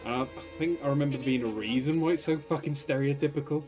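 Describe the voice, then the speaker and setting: A man's voice: on the high side, fast, a little mellow, soft background music. A man streaming a game, joking and laughing often as he comments. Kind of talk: casual let's-play commentary.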